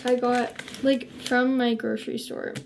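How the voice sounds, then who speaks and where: Rambling young woman with a gravelly voice. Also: fairly high pitch, level tone, measured pace, slight background noise. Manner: rambling, lots of "like" fillers. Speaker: vlogger. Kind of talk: casual chat to camera.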